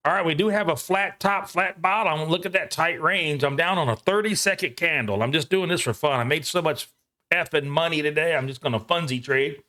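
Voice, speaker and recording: Guy live trading at home, bright punchy voice, talks to himself the whole time, bit higher pitched. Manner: excitable, talks fast to himself while trading, swears casually. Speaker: day trader hosting a live trading stream.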